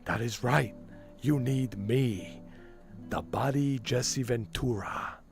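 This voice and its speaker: A man doing an impression of a boastful older ex-commando celebrity, talking in a slow, self-important drawl. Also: medium pitch, vocal fry, faint music behind.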